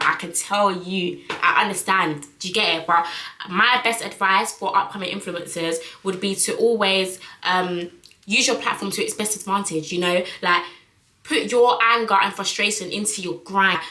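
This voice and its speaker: A woman's voice: mid-range voice, normal speed, pushed and bright, roomy sound, low-quality recording. A young woman, chatting frankly to camera in a casual vlog, full of fillers. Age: young adult. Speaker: vlogger.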